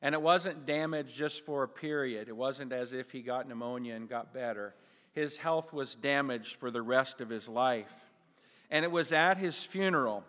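A man's voice: medium pitch, a bit bright. Emphatic male pastor in a reverberant sanctuary. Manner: emphatic, slowing down to stress key phrases. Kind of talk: sermon.

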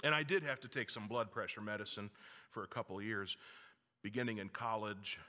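A man preaching a sermon as pastor, lively and wryly self-mocking, with humorous asides. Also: lowish voice, a little fast, long reverb tail.

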